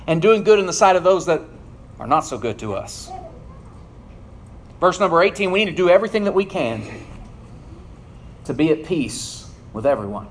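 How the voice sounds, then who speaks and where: In this sermon, the preacher reads from scripture before explaining it with earnest emphasis, his voice frequently sinking low as phrases close.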